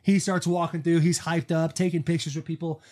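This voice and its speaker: Man, fast-paced, slightly high voice, animated storyteller, casual swearing. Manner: breaks into sung snippets when retelling. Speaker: podcast co-host. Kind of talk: casual chat.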